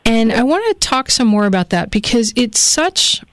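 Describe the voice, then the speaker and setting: A woman's voice: on the high side, sing-song, normal speed, no room sound, soft background music. Gushing woman radio host, dry sound. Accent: American. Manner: effusive, enthusiastic. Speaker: radio talk show host. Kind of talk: live radio interview.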